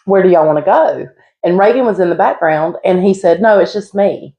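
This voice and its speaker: Middle-aged woman, slightly low voice, chatty animated podcast co-host. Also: a little fast, highs cut off. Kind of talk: casual chat.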